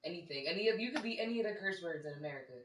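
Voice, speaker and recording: Joking chatty guy, bright voice, echoey room, kinda far from the mic. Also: high voice, lively intonation, racing. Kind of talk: casual chat.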